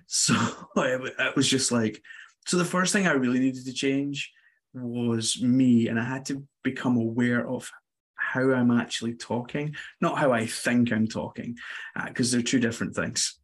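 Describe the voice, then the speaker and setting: A man talking as a guest in a casual podcast interview, telling stories in an animated, self-deprecating way. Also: mid-range voice, moderate pace, slightly rough.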